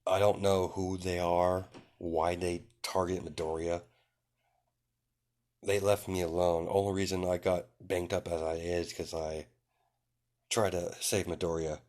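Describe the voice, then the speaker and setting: A man with a deep, low voice tells an improvised story in a loose, casual way. He rambles and keeps padding his sentences with "you know" and "um". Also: little pitch movement, a little slow, a little mellow.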